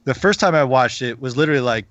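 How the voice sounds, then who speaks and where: A man's voice: medium pitch, animated, fast, a bit bright, muffled recording, a little hiss or hum. A man co-hosting a podcast, rambling with many "like"s and restarts. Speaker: podcast co-host. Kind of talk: casual chat.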